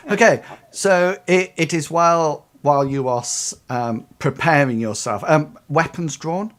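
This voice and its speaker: A man's voice: fairly high pitch, measured pace. A man narrating as game master of a tabletop game, hesitant, with many ums and restarts.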